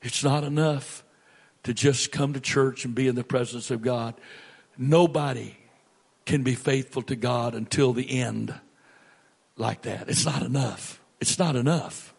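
A male pastor delivers a sermon in a gravelly, husky voice. He speaks slowly and deliberately, rising to booming peaks and dropping to hushed whispers. The voice is rough and fry-laden throughout. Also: steady tone. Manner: preaching with big swings from booming to hushed whispers.

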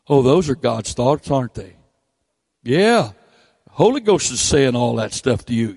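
A man's voice: very animated, measured pace, creaky, darkish tone, husky, no room sound, clean studio sound. A male preacher, delivering a blunt, folksy sermon with teasing asides into a handheld microphone. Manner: folksy, blunt, teasing, drops to low mocking tones.

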